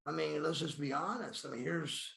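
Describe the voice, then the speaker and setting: In an echoey room, a man in his fifties who used to wrestle professionally tells blunt, profane stories during a podcast interview, referring to himself by his own name. His voice sits fairly high, with a creaky, fairly bright tone, and he talks at a normal speed.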